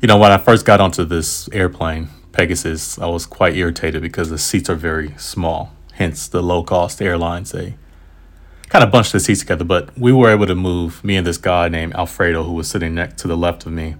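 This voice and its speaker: A man's voice: low voice, fairly even intonation, fairly quick. An American man, a travel writer, casually telling a travel story in a rambling, self-aware way with asides and restarts. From United States.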